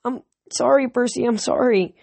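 A woman reading the part of an anxious young woman with visions speaks earnestly and apologetically, a little higher than plain storybook narration. The sound is dry and close. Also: normal speed, vocal fry, darkish tone, dry recording. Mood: earnest apologetic.

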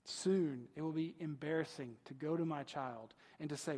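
A man's voice: fairly high pitch, moderate pace, hardly any pauses, darkish tone, breathy edge, long reverb tail. A male pastor preaching a conversational sermon, asking rhetorical questions and often adding "right?".

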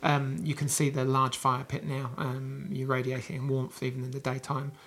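A man's voice: mid-range voice, completely flat delivery, normal speed, fairly bright tone. A man narrating a tabletop game as game master, hesitant and full of restarts. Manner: hesitant, many fillers and restarts.

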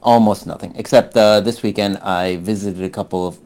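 Deadpan, sarcastic man co-hosting. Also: on the low side, brisk. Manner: deadpan, sarcastic, self-mocking. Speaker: podcast co-host. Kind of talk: casual chat.

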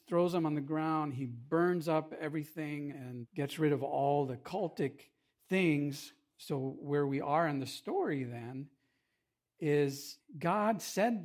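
A man pastor giving a conversational sermon, animated and humorous, with asides to the congregation. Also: a little high.

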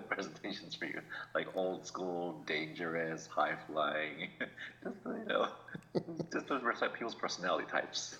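Very deep-voiced man with lively, laughing banter. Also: unhurried. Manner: laughs often, chuckling banter. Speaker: podcast co-host. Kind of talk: casual chat. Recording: dull lo-fi sound.

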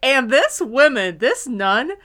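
A young woman co-hosting a casual podcast, reviewing a TV episode in an animated way, swearing and laughing often. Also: high voice, slow. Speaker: podcast co-host.

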